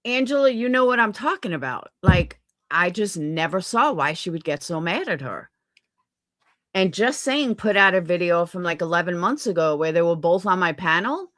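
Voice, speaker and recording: A woman's voice: on the low side, expressive, moderate pace, fairly bright tone, dry recording. A woman streamer venting in an angry, profane rant on a livestream. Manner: heated, profane, repetitive venting. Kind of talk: angry ranting livestream commentary.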